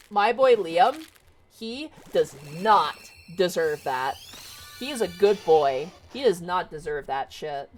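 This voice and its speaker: A woman's voice: on the low side, a little hiss or hum. A woman streamer casually retelling a book, chatty and rambling, with plenty of swearing. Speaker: VTuber streamer.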